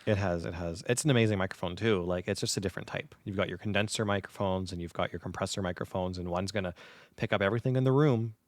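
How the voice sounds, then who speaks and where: Guy in his 30s rambling through a story on his podcast, lowish voice, super dry close mic sound. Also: fast, no room sound. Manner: animated storyteller, acts out quoted gamers. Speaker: podcast co-host. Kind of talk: casual chat. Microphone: close dynamic podcast mic.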